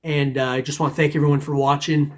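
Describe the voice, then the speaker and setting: The host of a metal detecting channel talks quickly and flatly in a fairly high voice. It's a casual vlog chat with viewers, loose and rambling, with lots of chuckling and everyone called "man."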